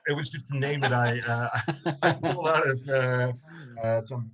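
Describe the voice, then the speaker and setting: A man narrating a tabletop game as game master, pausing often with ums and restarts. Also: medium pitch, fairly bright tone, poor audio. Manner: hesitant, many ums and restarts.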